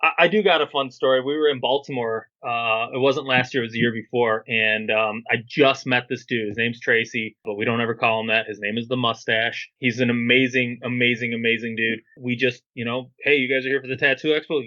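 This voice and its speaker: A man's voice: medium pitch, fairly even intonation, brisk, few pauses, pushed and bright, highs cut off. A man being interviewed on a podcast, telling stories in a laid-back, slangy way and acting out quotes. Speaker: guest, clothing brand owner. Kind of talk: casual storytelling interview.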